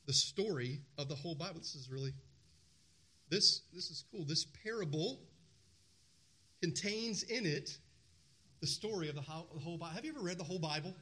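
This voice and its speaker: A man's voice: fairly high pitch, animated, fairly quick, pauses often, sharp tone. A male pastor preaching a sermon, emphatic, repeating phrases and asking the congregation questions.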